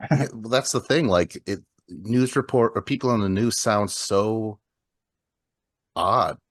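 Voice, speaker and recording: A man's voice: fairly low pitch, slow pace, pauses often, no echo, studio quality. A man with a Wisconsin accent chatting casually on a podcast, rambling, laughing easily and trailing off mid-thought. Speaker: podcast co-host. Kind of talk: casual chat.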